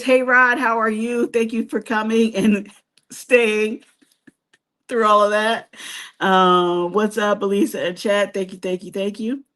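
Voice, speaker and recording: A woman's voice: mid-range voice, a bit bright. A woman hosting a live stream who chats casually with viewers and reads their comments. She is chatty, laughs often and teases herself. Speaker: host of a cruise travel channel.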